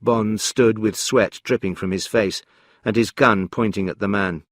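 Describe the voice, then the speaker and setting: Calm, measured male narrator. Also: on the low side, no room sound, clean studio sound. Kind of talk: scripted story narration for learners.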